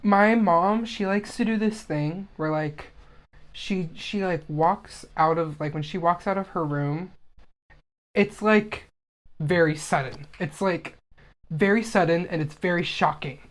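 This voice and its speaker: A man's voice: high-pitched, unhurried. A man co-hosting a casual podcast. He banters in a playful, teasing way and swears freely. His talk stays easygoing and conversational. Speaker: podcast co-host. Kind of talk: casual chat.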